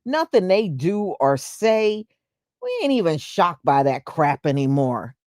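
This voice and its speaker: A woman on a livestream, speaking slowly in a low register with her pitch swinging widely. She hammers her points home and repeats herself for emphasis. The sound is dry and close. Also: very animated, darkish tone, no room sound. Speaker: livestream host. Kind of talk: live commentary to viewers.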